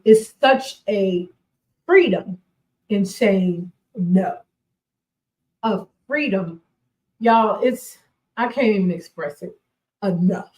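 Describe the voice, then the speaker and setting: A woman in her forties hosts a faith-based motivational talk show in a slow, emphatic delivery. She drives each point home by repeating key phrases and laughs often between them. Her pitch sits in the middle range, and the recording has a roomy echo. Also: darkish tone. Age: 40s. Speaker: radio show host. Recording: roomy echoey sound.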